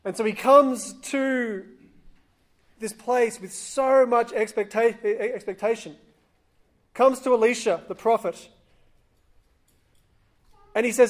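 A man with a fairly high voice preaching in a relaxed, conversational way. He tells a scripture story and slips into the voices of its people as he goes. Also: slow pace, pauses often. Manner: acts out quoted voices, conversational. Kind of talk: sermon storytelling.

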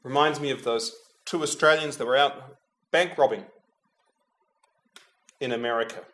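A man preaching a reflective, prayerful homily, speaking directly to Jesus and dropping to a hush whenever he says the name, with touches of gentle humor. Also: mid-range voice, moderate pace.

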